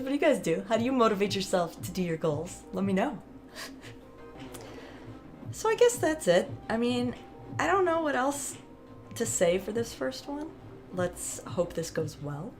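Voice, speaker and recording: A woman's voice: medium pitch, darkish tone. A woman vlogger talking casually to camera, chatty and rambling, laughing often.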